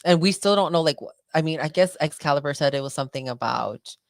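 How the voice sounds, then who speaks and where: A young woman co-hosting a podcast, chatting casually and telling animated stories with quoted asides. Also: sits low, fast talker, no echo. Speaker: podcast co-host. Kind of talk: casual chat.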